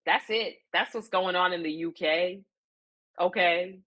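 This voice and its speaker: A woman's voice: on the low side, a little slow, fairly bright tone. A woman recapping a reality show in casual chat, opinionated and emphatic, repeating her points and using slang and fillers. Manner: chatty, with frequent fillers and slang.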